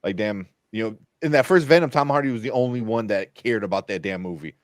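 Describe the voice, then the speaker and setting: A man's voice: lowish voice, animated, fast, no room sound. A man hosting a casual film podcast, rambling with many fillers and frequent laughs. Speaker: podcast host. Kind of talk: casual chat.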